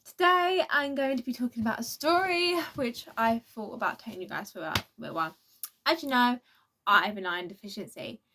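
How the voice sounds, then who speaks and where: A woman's voice: fairly high pitch, expressive, a little fast, noisy background. A teenage girl, telling a rambling storytime in a casual vlog, full of restarts and acted-out quotes. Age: teens. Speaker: vlogger.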